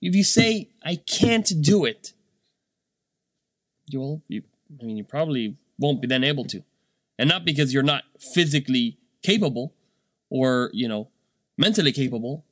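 A man's voice: medium pitch, animated, moderate pace, a bit bright, no room sound, studio quality. A man in his thirties, a business owner and dad, talking casually and full of fillers and rhetorical "right?" checks. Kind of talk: casual monologue.

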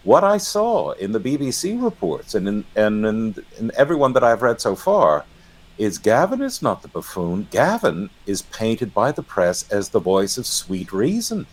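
A middle-aged man giving sardonic, animated commentary in a discussion, often restarting his sentences. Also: lowish voice, normal speed. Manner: animated, sardonic, self-correcting. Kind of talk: opinionated discussion.

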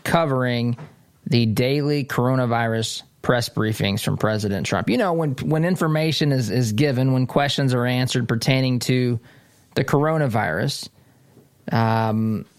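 A man's voice: medium pitch, moderate pace, smooth, dry recording, clean studio sound. A man hosting a political commentary show from a desk, talking in a casual, digressive way with frequent restarts. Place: studio desk.

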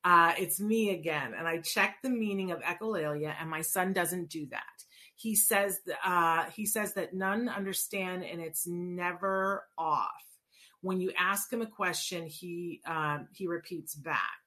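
A woman hosting a live show, telling stories and answering questions in a chatty, expressive way with frequent fillers. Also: on the low side, measured pace. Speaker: host. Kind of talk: casual live show talk.

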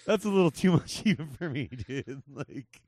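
A man in his forties from Southern California rambles through a loose comedy podcast chat, swearing freely and breaking into laughs. His voice sits a bit high for a man and sounds dry and close to the mic. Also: animated, moderate pace, darkish tone, dry recording. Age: 40s. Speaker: podcast host.

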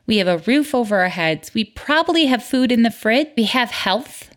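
A woman in her thirties hosting a podcast, giving an upbeat, heartfelt self-care pep talk that slows down to stress key points. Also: fairly high pitch, animated. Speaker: podcast host.

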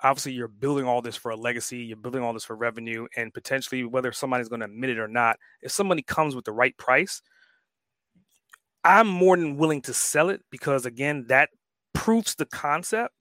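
A man's voice: medium pitch, a little fast, bright, forceful tone, no echo. A man speaking as a podcast guest, emphatic and fired up, swearing freely in casual conversation.

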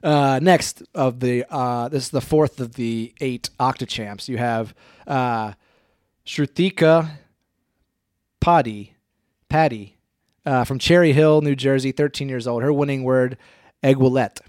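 Casual podcast host, man, mid-pitched, laid-back, dry close mic. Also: steady tone, a little mellow, dry recording. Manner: laid-back, reads clues haltingly with fillers and laughs. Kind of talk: casual chat, quizzing a co-host.

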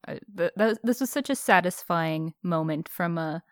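A woman's voice: fairly low pitch, moderate pace, dry recording, clean studio sound. A woman co-hosting a casual podcast, giving her reactions in a chatty way with frequent restarts and laughs. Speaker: podcast co-host. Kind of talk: casual chat.

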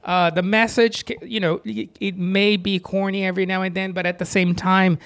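A man with a high voice who gushes about a movie he loved. He hesitates a lot, filling gaps with uhs and restarts, but keeps coming back to praise. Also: flat delivery, moderate pace, fairly bright tone. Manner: enthusiastic, hesitant, many uhs. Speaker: podcast co-host. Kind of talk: casual movie review chat.

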